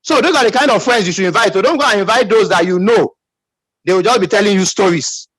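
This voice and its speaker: A man's voice: sits high, fast, a bit bright, breathy edge, no room sound, rough recording. A man with a Nigerian English accent giving an emphatic motivational pep talk as a business team leader, calling out for audience responses.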